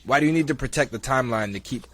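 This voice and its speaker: A man co-hosting a podcast in casual chat, animated and teasing, swearing freely. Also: medium pitch, very fast, a little hiss or hum. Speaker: podcast co-host.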